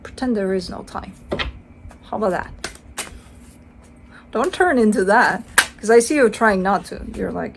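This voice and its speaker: A woman's voice: mid-range voice, unhurried, vocal fry, pauses often, background noise. Chatty, playful woman reading tarot. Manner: chatty, swears casually; playful, acts out the listener's voice. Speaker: tarot reader. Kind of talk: casual tarot card reading.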